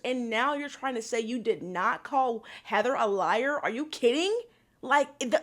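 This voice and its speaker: A young woman giving a sassy, exasperated casual recap of a reality show, with profane asides. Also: a little high.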